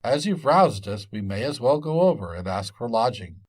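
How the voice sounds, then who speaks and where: A man's voice: mid-range voice, big pitch swings, moderate pace. A man as a bold, commanding young hero. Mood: cheerful. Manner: commanding and cheerful. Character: bold young male adventurer leading animals.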